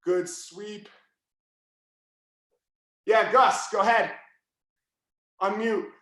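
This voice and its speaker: A man teaching a live online jiu-jitsu class, yelling his coaching cues as he walks students through each move. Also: high-pitched, fairly even intonation, very slow, very echoey.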